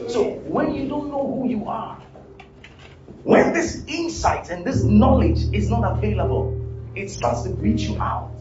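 A man preaching a sermon as pastor, repeating his points and building up to shouted emphasis. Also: sits high, sing-song, a little slow. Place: church hall. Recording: roomy, distant, dull live church sound. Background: music and congregation.

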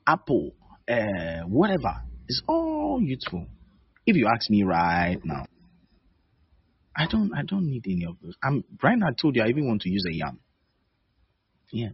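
A man's voice: lowish voice, husky, no room sound, highs cut off. A man preaching a sermon as pastor, conversational and teasing, laughing between points.

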